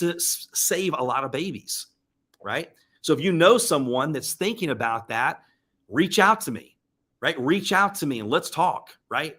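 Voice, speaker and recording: A man's voice: fairly high pitch, a bit bright. Earnest man giving a motivational live talk. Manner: emotional, preacher-like, earnest. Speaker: live stream host. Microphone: webcam or desk mic on live stream.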